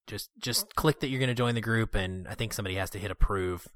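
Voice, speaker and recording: A man's voice: lowish voice, fast, a bit bright, no room sound, clean studio sound. A man hosting a casual film podcast, upbeat and eager as he plugs the show. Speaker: podcast host.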